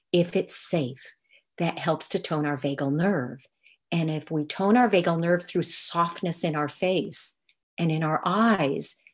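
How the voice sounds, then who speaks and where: An older woman giving an online lecture over slides, explaining in a soft, unhurried way. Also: lowish voice. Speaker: movement teacher.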